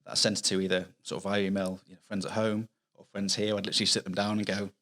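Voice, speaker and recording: Rapid-fire and earnest, this middle-aged author from Manchester, England, speaks with a Mancunian accent as a guest on a casual podcast. His lowish, fairly bright voice barely shifts in pitch, and he's chatty, explaining things at length and restarting often.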